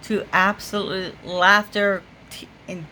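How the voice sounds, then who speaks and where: A woman's voice: mid-range voice, flat delivery, slow pace, bright, forceful tone, slight background noise. A woman vlogger telling a story to the camera in a casual way, laughing often and full of fillers. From United States.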